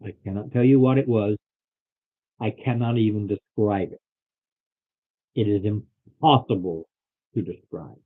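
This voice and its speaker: A man voicing a grim, terrified father who threatens adventurers with slow, ominous words. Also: lowish voice. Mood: haunted. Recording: phone-like lo-fi recording.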